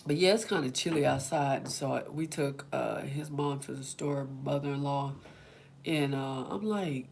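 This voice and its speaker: A woman's voice: low-pitched, animated, a little slow, vocal fry. Chatty woman. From Oklahoma, USA. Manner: chatty and rambling, acting out quotes. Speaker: self-care vlog host. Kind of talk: casual chat with live viewers.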